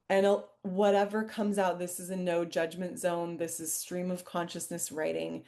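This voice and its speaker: Woman, somatic coach, lowish voice, easy laughs, live webinar over a video call. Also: flat delivery, normal speed, hardly any pauses. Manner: warm, reflective, laughs lightly, reads chat aloud. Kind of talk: live online workshop, guided reflection.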